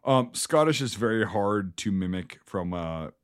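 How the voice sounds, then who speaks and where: A man's voice: on the low side, expressive, measured pace, clean tone. An American man co-hosting a podcast in casual chat, blunt and laid-back, swearing freely. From United States. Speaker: podcast co-host.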